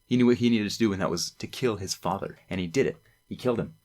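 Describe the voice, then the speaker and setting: A man's voice: on the low side, quick pace, darkish tone. A young man, a student presenter, talking casually and enthusiastically to camera, rambling and acting out quoted lines. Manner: enthusiastic, rambling, quoting lines in acted voices.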